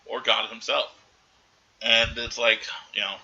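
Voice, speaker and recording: A man's voice: medium pitch, fairly even intonation, measured pace, creaky, sharp tone, dull audio. A man hosting a podcast, casually recapping a film and rambling through quoted lines. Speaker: podcast host.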